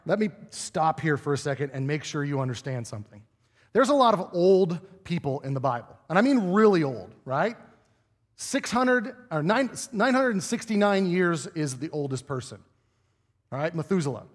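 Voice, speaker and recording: A pastor giving a conversational sermon in a church, often asking his listeners rhetorical questions. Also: a little high. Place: church sanctuary. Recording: long reverb of a church hall.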